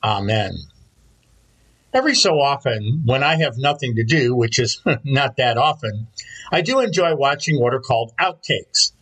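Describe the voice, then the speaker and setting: A man, a pastor, preaching a Sunday sermon, opening with a prayer and telling stories in a calm, steady way. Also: medium pitch, normal speed, slightly rough, poor audio.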